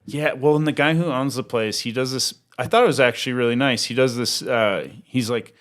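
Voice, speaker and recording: A man's voice: medium pitch, brisk, fairly bright tone. A man co-hosting a podcast, telling rambling stories in casual chat, restarting often. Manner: rambling storytelling with many restarts, laughs often. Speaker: podcast co-host, comedian.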